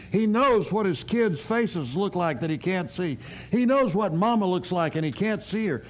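A pastor delivers a sermon in a folksy, storytelling way. His voice sits a bit high for a man. He keeps breaking off to ask his listeners questions.

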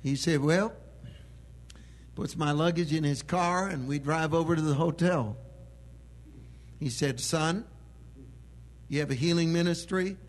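A man preaching a sermon with emphatic delivery that swells into loud proclamation. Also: on the high side, a little slow, pauses often.

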